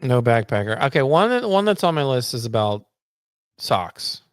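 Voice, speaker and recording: A man's voice: medium pitch, normal speed, dry recording, studio quality. A man co-hosting a casual backpacking chat, telling stories and acting out what he said. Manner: animated storytelling, acts out quotes. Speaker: podcast co-host.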